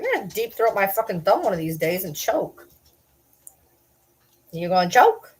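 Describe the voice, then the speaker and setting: Woman livestreaming from home, mid-pitched voice, all playful baby talk at her dogs, quick to laugh. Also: sing-song, slight background noise. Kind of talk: casual livestream chat.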